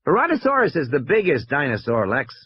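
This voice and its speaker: A glib male publicist, breezy and dismissive, brushing off every concern, as a man reads him in an audiobook. His voice is raised a little, lively in pitch and slightly husky on a dry, muffled recording. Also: a little fast, dry recording, heavily acted. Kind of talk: audiobook reading.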